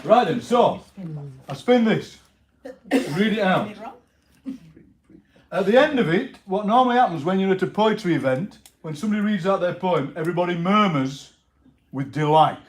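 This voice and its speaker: A man hosting a poetry workshop in a library, jokey and animated, laughing often with the group. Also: sits high, normal speed, long pauses. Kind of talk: lively workshop banter. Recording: echoey room with crowd chatter. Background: group of people laughing and murmuring.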